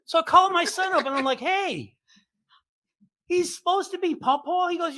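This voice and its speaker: An older man hosting a show, telling comic family stories with deadpan punchlines and acting out what his relatives said. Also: very high-pitched, normal speed. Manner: deadpan punchlines, acts out quoted family members. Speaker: podcast host. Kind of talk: comic storytelling.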